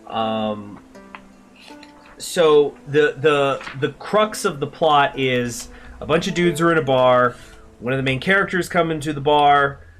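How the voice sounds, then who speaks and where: A man hosting a gaming channel, talking excitedly and rambling with many restarts while he plays a strategy game. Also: medium pitch. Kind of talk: live commentary while playing a strategy game.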